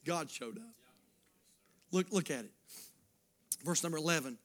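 High, fervent preaching man. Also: lively intonation, unhurried, pauses often. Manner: swings from hushed near-whispers to loud fervent preaching; repetitive, rhythmic exhortation. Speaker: pastor. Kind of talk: sermon.

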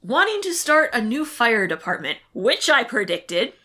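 A woman co-hosting a chatty recap podcast, her bright voice swinging all over the place in pitch. She talks casually and animatedly, laughing as she goes and slipping into the characters' lines. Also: sing-song, normal speed. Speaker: podcast co-host.

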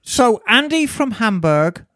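Woman cohost, slow talker, voice goes up and down a lot, dry sound. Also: fairly high pitch, sing-song, fairly bright tone, no room sound. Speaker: podcast co-host. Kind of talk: casual chat.

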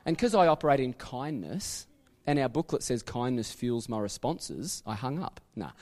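A man's voice: mid-range voice, expressive, normal speed, darkish tone, long reverb tail. A man with an Australian accent preaching a sermon as a church pastor, telling stories in a chatty way full of asides and self-corrections. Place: church sanctuary.

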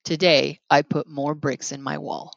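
Wry soft-spoken podcast co-host. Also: medium pitch, big pitch swings, vocal fry, dry recording, lo-fi sound. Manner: wry, teasing, reads slowly and softly. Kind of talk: casual chat and reading aloud.

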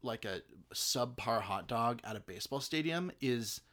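A man's voice: mid-range voice, lively intonation, normal speed, a bit bright. A man talking through a film in a casual chat, rambling with many fillers and restarts.

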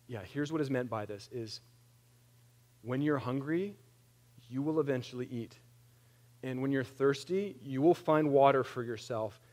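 A man in his thirties preaching a conversational sermon, animated and plain-spoken, with wry humor. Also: medium pitch. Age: 30s. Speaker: pastor.

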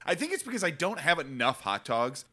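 A man co-hosting a podcast in casual chat, animated and teasing, laughing often. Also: fairly high pitch, brisk, breathy edge. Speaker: podcast co-host.

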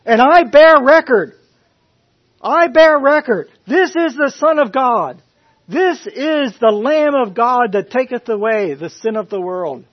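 A man's voice: high voice, a little slow, voice pushed up. A man voicing John the Baptist, a fervent male prophet bearing witness, in an emphatic, rising way. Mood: exultant. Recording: dull lo-fi recording.

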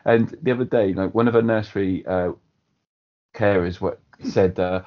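Low-voiced man from Wales, rambling. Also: normal speed, highs cut off. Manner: rambling, laughing anecdotes. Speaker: podcast co-host. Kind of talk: casual chat.

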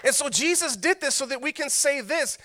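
A man's voice: very high voice, animated, moderate pace, bright, forceful tone, slight background noise. A man preaching a sermon as pastor, conversational and joking as he tells stories.

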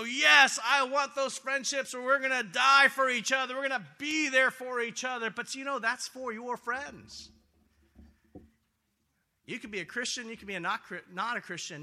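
Male pastor, high and very bright voice, lively sermon delivery that swings loud and soft. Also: vocal fry. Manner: animated, swings from loud excitement to quiet earnestness. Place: church sanctuary.

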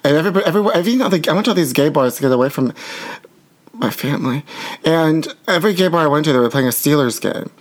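A man's voice: a little high, animated, very fast. A man co-hosting a comedy podcast, sassy and theatrical, bantering and telling stories with lots of "honey". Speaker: podcast co-host.

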